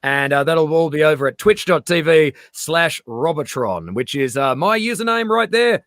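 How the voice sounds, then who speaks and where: A man's voice: a little high, lively intonation, moderate pace, fairly bright tone, no room sound, studio quality. An Australian man, a guest, in casual chat, joking, swearing and telling stories.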